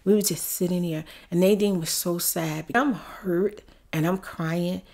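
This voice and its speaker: A middle-aged woman tearfully telling a personal story while doing her makeup, at times dropping into soft whispers. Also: fairly low pitch, steady tone, measured pace. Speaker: ASMR story-time vlogger.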